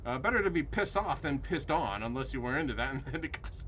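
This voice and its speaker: A man's voice: medium pitch, animated, fast, hardly any pauses, a bit bright, slight background noise. A man streaming a horror game live, jumpy and swearing at scares while chatting with his viewers.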